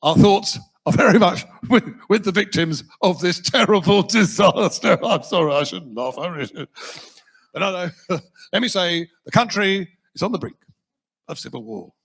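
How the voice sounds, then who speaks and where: A man's voice: high-pitched, big pitch swings, normal speed, creaky, pauses often, bright, forceful tone, husky, heavily acted. A man impersonating a brash male populist politician who can't finish a sentence without laughing. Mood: chortling. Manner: keeps laughing mid-sentence.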